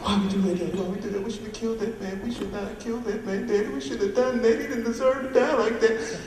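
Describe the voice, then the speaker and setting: A man voicing a panicked, whimpering young woman with a high, pleading voice, recorded from far off in an echoey hall. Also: fairly even intonation, fast talker, a little mellow, a little hiss or hum, close to an everyday voice.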